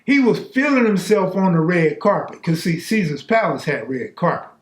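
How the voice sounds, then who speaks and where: A man with a high-pitched voice recounting a true story from his past, talking loose and conversational with plenty of street slang. His delivery is relaxed and unscripted, like he's telling it to friends. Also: moderate pace, slightly rough.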